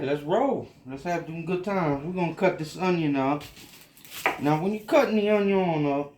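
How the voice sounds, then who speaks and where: A man's voice: a little high, normal speed, darkish tone, roomy sound, slight background noise. A tipsy man with a Louisiana Cajun accent, cooking and rambling in a folksy, drawling way for a casual cooking vlog. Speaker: home cook.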